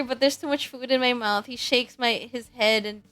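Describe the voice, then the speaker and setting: A young woman streaming, reading a dating game aloud in a giggly, animated way. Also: on the high side, moderate pace, smooth, no echo, faint music behind.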